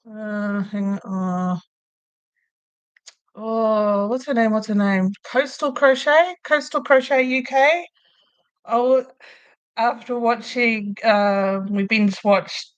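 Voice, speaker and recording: Her voice is medium in pitch, clear, and resonant. An Australian woman, she rambles and chats easily during a crochet livestream from a room in her house, laughing frequently as she works.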